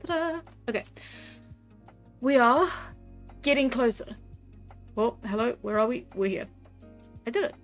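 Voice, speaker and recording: A woman's voice: on the high side, expressive, unhurried, long pauses. A woman chatting casually with her stream audience while she draws, giggling often and reacting to chat. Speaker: live-streaming artist. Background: faint background music.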